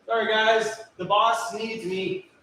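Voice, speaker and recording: High-voiced chatty man on a live stream. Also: flat delivery, takes it slowly, bright, forceful tone. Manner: chatty and self-joking. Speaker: van life vlogger hosting a live Q&A. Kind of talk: casual live-stream chat. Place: inside a van.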